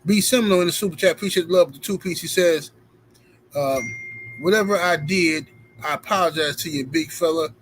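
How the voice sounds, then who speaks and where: A man's voice: a little high, fairly quick, a little hiss or hum, poor audio. A man hosting a live stream, talking casually and reading viewer super chats aloud with emphatic, playful banter. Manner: animated, reads out super chats and thanks donors; emphatic, playful street talk.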